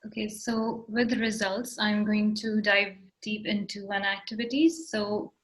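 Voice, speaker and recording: A woman's voice: medium pitch, steady tone, a little slow, fairly bright tone, low-quality recording. A woman teaching an online writing workshop over a video call, explaining step by step with some fillers. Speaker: workshop instructor.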